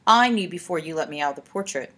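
A woman reading aloud and voicing a cold, sly ghost of a young woman who speaks softly and menacingly, with a husky voice. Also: animated, fast talker, heavily acted. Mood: coolly menacing. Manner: cool, then soft and low.

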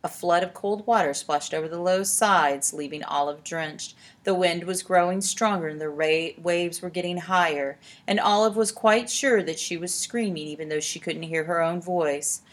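A woman narrating a storybook aloud in a steady, expressive way. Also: lowish voice. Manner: steady, expressive, slows for tense moments.

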